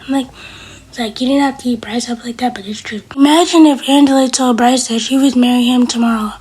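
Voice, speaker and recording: A woman's voice: fairly high pitch, a little fast, a little mellow, slightly rough. A woman casually recapping a TV episode as a reviewer, chatty and retelling what the characters said. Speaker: TV show reviewer.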